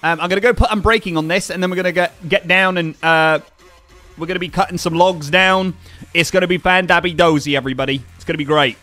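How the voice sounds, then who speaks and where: Excitable young male streamer, high voice. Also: quick pace, faint music behind. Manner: excitable, chatty, thanks donors aloud. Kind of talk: casual live-stream chat while gaming.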